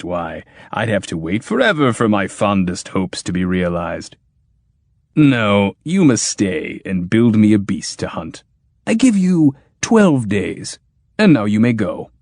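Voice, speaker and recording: A booming, menacing tyrant king, grim and exacting, as a man reads him. The voice sits low but swings widely in pitch, with a dry, close sound. He speaks like a storybook ruler who laughs like thunder. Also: big pitch swings, a little slow, darkish tone, dry recording, full character voice.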